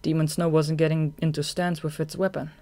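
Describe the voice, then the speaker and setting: A narrator reading a fan audiobook in an even, measured way. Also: mid-range voice.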